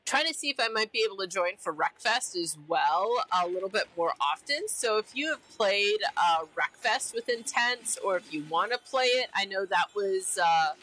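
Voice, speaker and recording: A woman's voice: mid-range voice, expressive, moderate pace, few pauses, bright, forceful tone, low-quality recording. A woman streamer chatting casually while she plays a game, bubbly and repeating herself often. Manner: bubbly, repeats herself, giggly silly name-calling.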